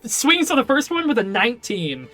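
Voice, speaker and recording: A woman's voice: a little high, very animated, a little fast, fairly bright tone. A woman narrating as game master of a tabletop game, rambling with lots of fillers. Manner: rambling, many fillers and laughs.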